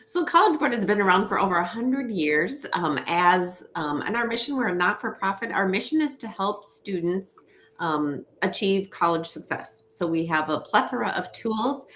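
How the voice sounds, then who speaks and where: A woman's voice: medium pitch, expressive, moderate pace, fairly bright tone, slight background noise. A woman with a Minnesota accent giving an upbeat, chatty presentation as a guest, with frequent ums. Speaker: guest presenter from an education nonprofit. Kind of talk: conversational presentation.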